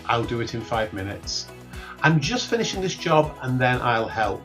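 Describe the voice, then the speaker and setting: A man teaches workplace English, explaining each phrase in a clear, patient way and saying the examples over slowly. His voice sits at an ordinary middle pitch. Soft music plays faintly under the lesson.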